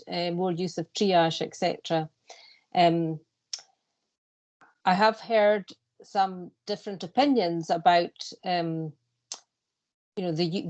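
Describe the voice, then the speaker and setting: A woman's voice: lowish voice, a little mellow. Woman asking a board question. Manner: measured, hesitant, with fillers. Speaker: board member.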